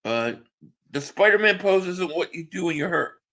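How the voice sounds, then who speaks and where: Bright-voiced man chatting on a live stream. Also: high-pitched, expressive, moderate pace. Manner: reads chat aloud and answers viewers, with restarts. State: just woke up, tired. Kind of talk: casual live stream chat.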